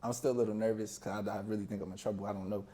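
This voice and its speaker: A man with a mellow, dark-toned voice tells a personal story as a podcast guest. He talks casually and loosely. He slips into the voices of the people in his story as he goes. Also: on the low side, very fast. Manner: relaxed, conversational, acts out both sides of a talk.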